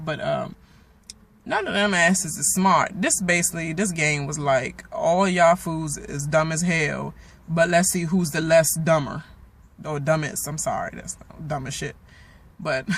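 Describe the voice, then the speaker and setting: A man, giving a profane, animated recap of a reality show episode while still angry. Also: on the high side. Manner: animated, swearing, trails off into asides. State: angry and worked up. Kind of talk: casual profane recap rant.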